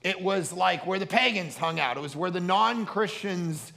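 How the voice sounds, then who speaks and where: A man's voice: high-pitched, normal speed, creaky, bright, forceful tone. A man preaching a sermon at a family camp, telling stories animatedly and acting out the people he quotes. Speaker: pastor.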